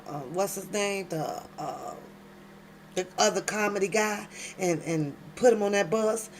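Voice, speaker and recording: A woman's voice: mid-range voice, slight background noise. A woman hosting late-night commentary at home, reading documents aloud and breaking off into emphatic, slangy remarks to her viewers. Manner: talks to viewers directly, loud emphatic outbursts, slangy. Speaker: commentary channel host.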